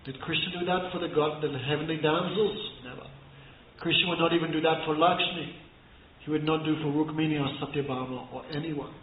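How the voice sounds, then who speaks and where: A man giving a scripture class, telling stories, chanting verses and laughing softly. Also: fairly high pitch, fairly even intonation, a little fast, a little hiss or hum. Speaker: spiritual teacher. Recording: echoey room over thin phone-like line.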